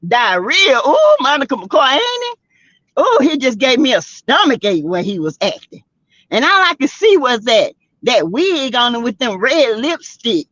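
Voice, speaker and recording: A woman's voice: high-pitched, sing-song, a little slow, a bit bright, no room sound, highs cut off. Sassy Southern woman gossiping live. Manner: sassy, laughs a lot, greets viewers by name. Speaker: live-stream host. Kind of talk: casual gossip chat.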